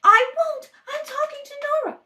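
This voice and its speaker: A woman's voice: very high-pitched, moderate pace, pushed and bright, pitched above the performer's own voice, full character voice. A woman voicing a frightened young woman in trouble, whispering and crying in a rehearsal of a radio play read at a kitchen table. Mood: desperate, tearful. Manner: tearful, breathless whispering.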